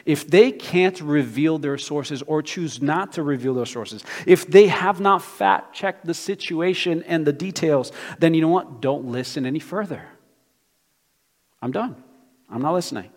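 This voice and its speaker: A man preaching a sermon as pastor, with an emphatic, animated delivery and many rhetorical questions. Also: a little high, unhurried. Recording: long hall reverb.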